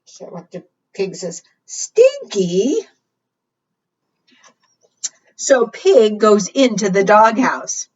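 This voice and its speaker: Lively woman reading to preschoolers. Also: medium pitch, takes it slowly. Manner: animated, questioning the children, singing. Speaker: children's librarian. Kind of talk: preschool storytime read-aloud. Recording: distant, dull lo-fi sound.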